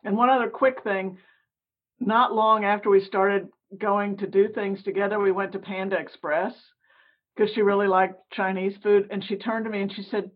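Soft-spoken husky woman mentor. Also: mid-range voice, fairly even intonation, normal speed. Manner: soft, thoughtful, hesitant. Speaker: youth mentor. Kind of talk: casual storytelling. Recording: tinny phone-like line.

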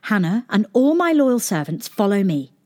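A woman's voice: mid-range voice, big pitch swings, moderate pace, a little mellow, natural voice. A woman voicing a spirited young princess who loves mud, speaking boldly and commandingly in a storybook reading. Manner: bold and commanding.

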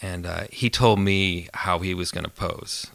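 A man, a photographer and filmmaker, talks in a relaxed, thoughtful way as a podcast guest and tells amused stories. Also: low-pitched, unhurried, vocal fry, no room sound. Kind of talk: casual podcast interview.

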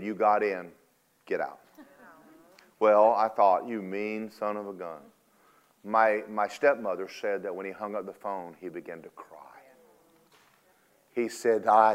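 Older male preacher with a wide-ranging pitch and a folksy manner, swinging from loud exhortation to low, hushed storytelling. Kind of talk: sermon.

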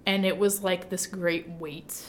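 A woman's voice: fairly low pitch, measured pace, slight background noise. A young woman from the Midwest telling a personal story in casual chat, talking chattily with lots of fillers. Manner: chatty, lots of "like", animated retelling.

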